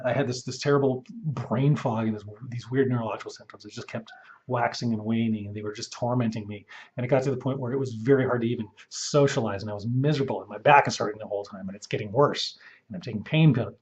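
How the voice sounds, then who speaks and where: A man's voice: mid-range voice, darkish tone. Candid middle-aged man on a lo-fi recording. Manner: rambling, candid, with many restarts and fillers. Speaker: patient telling his illness story. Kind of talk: personal testimonial.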